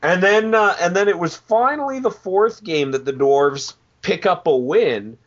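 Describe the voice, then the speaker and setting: A man's voice: high voice, lively intonation, measured pace. A man in casual chat, telling stories and acting out quotes with disbelief, on a dull lo-fi recording. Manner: storytelling, acts out quotes with disbelief.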